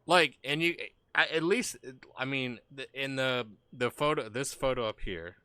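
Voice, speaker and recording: A man's voice: mid-range voice, unhurried, sharp tone, a little hiss or hum. A man streaming casual commentary, rambling and profane with many restarts.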